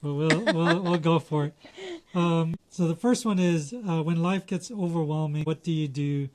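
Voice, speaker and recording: A man's voice: on the high side, moderate pace. A man co-hosting a podcast, asking questions in a hesitant, easygoing way with many fillers. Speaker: podcast co-host. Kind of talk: casual interview chat.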